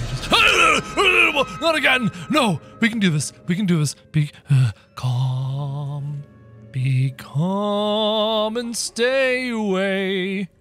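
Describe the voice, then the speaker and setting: A snarky, mischievous cartoon rabbit, played by a man in a game video. The voice sits high and swings widely, bursting into panicked yelps. His tone is bright and sharp. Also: heavily acted. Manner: excitable, yelps and panics loudly. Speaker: gamer playing in character. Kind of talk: in-character game commentary.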